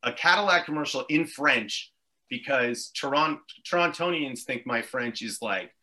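Bright-voiced rambling Montreal guy. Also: mid-range voice, expressive, normal speed. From Montreal, Canada. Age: adult with three children. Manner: rambling, tangential storytelling with frequent swearing. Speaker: podcast guest, actor. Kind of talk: casual chat.

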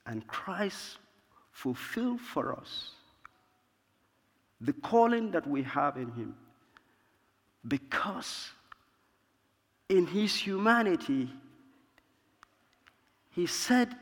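A man preaching a sermon in a slow, measured way, pausing to cite verse numbers. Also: sits high, big pitch swings. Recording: long reverb of a large hall.

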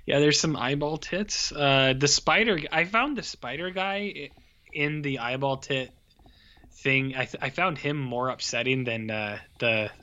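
A man's voice: medium pitch, unhurried, bright, forceful tone. A man co-hosting a podcast in a laid-back, rambling, joking way. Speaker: podcast co-host. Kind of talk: casual chat. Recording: dull lo-fi audio.

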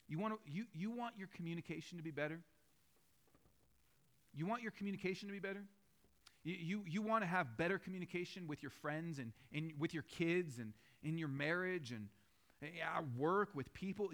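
A man's voice: fairly high pitch, fairly bright tone. Casually preaching man, conversational. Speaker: pastor. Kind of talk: sermon. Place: church.

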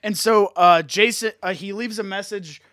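A man's voice: high-pitched, moderate pace, sharp tone, no echo, clean studio sound. A man co-hosting a podcast, recapping a show in goofy, slangy casual chat. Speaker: podcast co-host.

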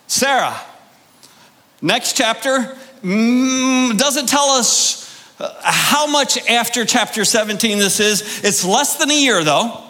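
A man preaching a sermon, emphatic and deliberate, firing rhetorical questions at his congregation. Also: extremely high pitch, lively intonation, pushed and bright. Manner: drawn-out, deliberate delivery with pauses. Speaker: pastor.

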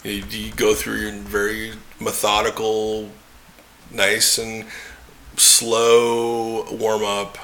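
A man's voice: lowish voice, completely flat delivery, drawn-out words, fairly bright tone. A man hosting a casual podcast chat, swearing casually and backing up his guest. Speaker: podcast host.

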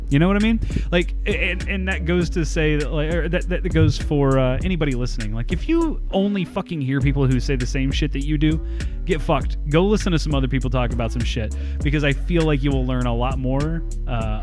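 A man hosting a casual podcast, blunt, emphatic and full of swearing. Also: on the high side. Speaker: podcast host. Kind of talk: casual profane podcast chat.

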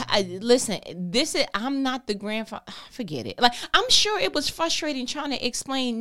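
This is a woman delivering a casual vlog monologue in a lively, expressive voice. She talks in a colloquial, conversational way. Now and then she drops into quiet, whispered asides. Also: a little high, normal speed, hardly any pauses. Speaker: vlogger.

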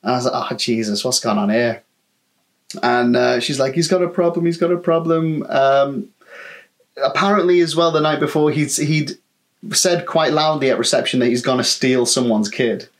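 A man in casual storytelling chat, middle-pitched and easygoing. He swears freely and slips into other people's voices to act out what they said. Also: fairly even intonation, moderate pace. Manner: chatty, swearing, acts out quotes. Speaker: podcast co-host, former holiday rep.

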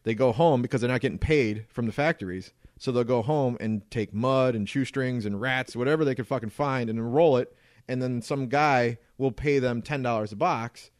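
A man's voice: medium pitch, normal speed, no echo, clean studio sound. A man in his thirties co-hosting a podcast, telling a rambling story in casual chat with plenty of swearing. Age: 30s. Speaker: podcast co-host.

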